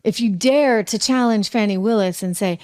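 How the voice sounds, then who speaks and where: A woman with a New England accent hosts a political commentary show, mid-pitched and talking casually. She leans on sarcasm and rhetorical questions, and her tone stays pointed and chatty. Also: normal speed, a little mellow. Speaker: talk show host.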